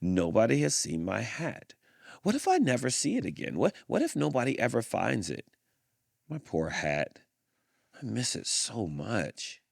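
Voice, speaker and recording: A man's voice: mid-range voice, huge pitch swings, gravelly, a bit bright, dry recording, studio quality, heavily acted. A man voicing a glum bear who politely asks everyone about his lost hat in a read-aloud storybook. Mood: mournful. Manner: slow, mournful, polite.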